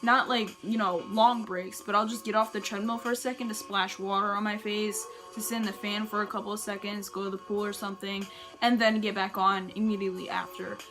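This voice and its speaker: A woman's voice: mid-range voice, little pitch movement, fairly quick, fairly bright tone, faint music behind. A young woman giving casual running tips in a chatty, rambling way, full of "like" and restarts. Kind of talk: casual advice vlog.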